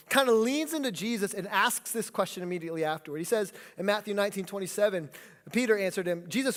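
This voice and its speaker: A pastor delivers a sermon in a lively, animated style, calling on the congregation to speak lines back with him. His voice sits high for a man, and it carries through a hall with long reverb. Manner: animated preaching, leads congregation in call-and-response. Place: church sanctuary.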